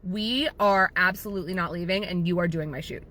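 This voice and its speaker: A woman's voice: fairly low pitch, brisk, a bit bright, slight background noise, close to an everyday voice. A woman quoting a defiant young client who speaks bluntly and insistently.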